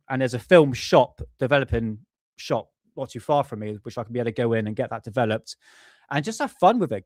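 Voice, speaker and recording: A live stream host with a medium-pitched, slightly mellow voice chats casually, captured in a dry, clean studio recording. He laughs at viewer comments and keeps drifting back to his notes.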